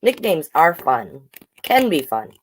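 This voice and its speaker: A woman reading picture books aloud to children, with chatty, animated asides to the viewers. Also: low voice, takes it slowly, a little hiss or hum. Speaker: storytime reader.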